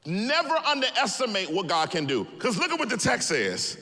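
A man pastor preaching a sermon, telling stories with humor in an animated way. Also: sits high, normal speed, long reverb tail.

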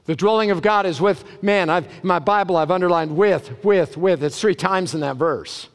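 A man preaching a sermon as a pastor, animated and emphatic, with sudden loud bursts. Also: high voice, normal speed, smooth.

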